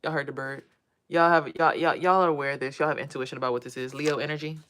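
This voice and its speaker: A woman's voice: sits low, steady tone, fast talker, a bit bright, a little hiss or hum. A woman doing a casual, rambling spiritual tarot vlog and talking straight to her viewers. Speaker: tarot reader and spiritual vlogger.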